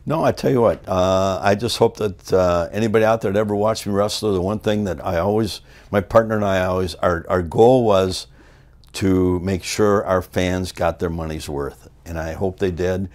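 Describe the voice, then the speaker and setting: An older American man, a former wrestler, telling stories in a shoot interview and acting out the people in them. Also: moderate pace. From United States. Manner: animated storyteller, acts out the people in his stories in loud high voices.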